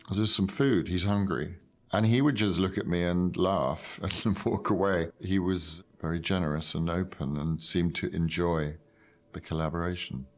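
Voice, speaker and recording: An older man, an actor, recalling a film role in a measured, thoughtful, self-deprecating interview. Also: low-pitched, steady tone. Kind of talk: reflective interview.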